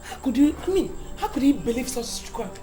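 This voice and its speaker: A calm Nigerian confidante speaks in a fairly high voice. She reassures steadily. Music plays clearly in the background. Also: normal speed. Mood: reassuring.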